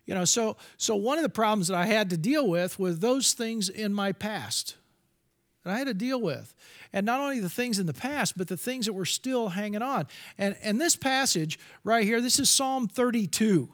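A man's voice: high-pitched, animated, normal speed, a bit bright. A middle-aged man giving a candid, confessional sermon as a preacher, with restarts and asides.

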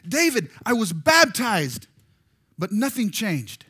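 Guy putting on a big tattooed man, crying and earnest, bright high voice. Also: sing-song, slow pace, slightly rough, heavily acted. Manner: earnest, pleading. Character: tearful tattooed grown man, newly baptized.

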